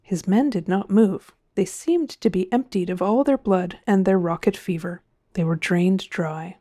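A woman reading a science fiction story aloud in a measured, expressive way. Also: mid-range voice, no echo, clean studio sound. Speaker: narrator. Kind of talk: audiobook narration.

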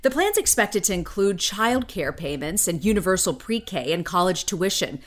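A woman hosting a daily news podcast, reading the morning headlines in a crisp, measured way. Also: on the low side, sing-song.

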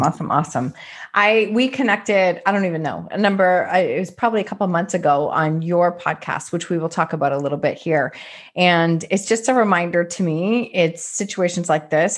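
A woman's voice: low-pitched, breathy edge. A woman hosting a podcast interview as a business coach, talking with effusive enthusiasm.

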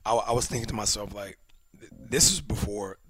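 A man in his thirties, co-hosting a podcast and telling a story in a casual, animated way, dropping into hushed asides and quoted voices. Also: on the low side, a little fast, background noise. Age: 30s. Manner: animated storyteller who acts out quoted voices, drops to whispers. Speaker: podcast co-host.

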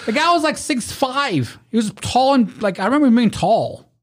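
Drunk and chatting casually at a moderate pace, a man with an extremely high-pitched voice tells rowdy, profane stories. He animates each one by acting out the people he quotes.

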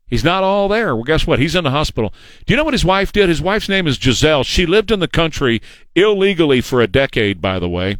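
A man's voice: fairly high pitch, very animated, a little fast, a bit bright, no echo. Combative man. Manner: combative, sarcastic, mocks opponents in put-on voices. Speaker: radio talk show host. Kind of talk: opinionated political monologue.

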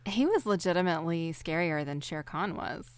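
A woman's voice: on the low side, lively intonation, normal speed, clean tone, no echo. A woman with a Southern American accent co-hosting a podcast, chatting with enthusiasm. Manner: enthusiastic, gushing. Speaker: podcast co-host. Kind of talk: casual chat.

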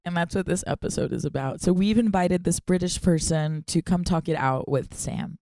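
A woman's voice: lowish voice, moderate pace, mellow, no echo, clean studio sound. A woman comedian co-hosting a podcast in casual comedic chat, playful and laughing a lot, slipping into silly voices. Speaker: guest co-host, stand-up comedian.

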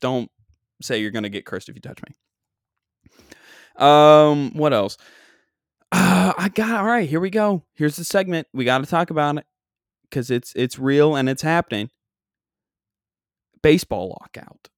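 A man's voice: a little high, lively intonation, a little slow, pauses often, no room sound, studio quality. A man from Long Island, rambling casually through a funny story with lots of fillers and self-deprecating asides. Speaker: comedian podcast host.

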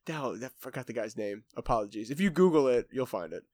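A man's voice: medium pitch, animated, fast talker, a little mellow, dry recording, clean studio sound. A man co-hosting a podcast, casually recapping a reality show, joking and swearing freely. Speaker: podcast co-host.

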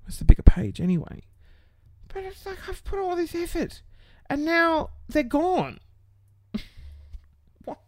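A man's voice: very high voice, huge pitch swings, measured pace, long pauses, a little mellow, no room sound. A man venting in a casual vlog, exasperated and sweary, laughing through his frustration. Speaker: small business owner.

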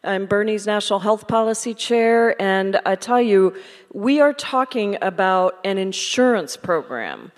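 A woman's voice: mid-range voice, expressive, a little slow. A woman, a congresswoman, explaining a policy confidently and emphatically, listing points at a live event. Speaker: congresswoman, panel guest. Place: large hall with an audience. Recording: hall reverb with crowd behind.

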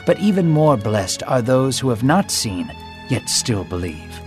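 A man voicing the risen Jesus, speaking softly and reassuringly in a storybook reading. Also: mid-range voice, sing-song, unhurried, soft background music. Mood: gentle. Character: risen Jesus, calm gentle male teacher.

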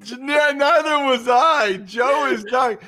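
A male podcast co-host, excitable and effusive, laughing as he talks about bets with friends. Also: very high-pitched, takes it slowly. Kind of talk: casual sports betting chat.

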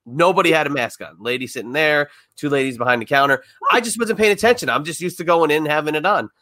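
A man's voice: a little high, animated, quick pace, sharp tone, no echo, studio quality. A man co-hosting a podcast, telling casual anecdotes in an easygoing, joking way and acting out what people said. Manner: easygoing, joking, acts out quotes. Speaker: podcast co-host. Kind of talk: casual chat, storytelling.

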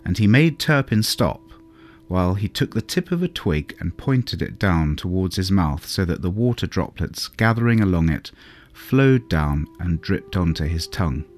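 A man narrating a fairy tale in a calm, measured storybook reading. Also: sits low. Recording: soft music underneath.

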